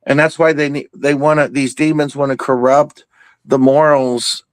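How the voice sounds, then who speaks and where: A man talking casually in an open Q and A, excitable and rambling, with many restarts and fillers. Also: medium pitch, normal speed, dry recording. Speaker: participant in an open Q and A.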